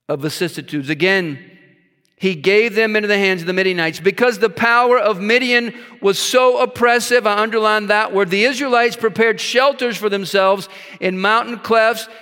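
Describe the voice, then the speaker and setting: Guy preaching in a big hall, high clear voice, lots of reverb, leans hard on key words. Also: pushed and bright. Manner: emphatic, reads scripture aloud with asides. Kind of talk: sermon.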